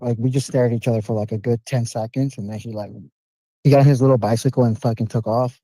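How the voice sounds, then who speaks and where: A man calling into a podcast, telling a story with animated, profane street slang. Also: mid-range voice, fast, dry recording, poor audio. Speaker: caller. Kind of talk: casual storytelling on a call.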